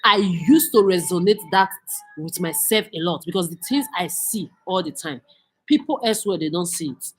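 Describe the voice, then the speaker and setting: A woman's voice: fairly low pitch, lively intonation, normal speed, slightly rough. A woman from Nigeria, delivering a heated, profane, accusing rant as a vlogger. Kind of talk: angry profane rant to camera.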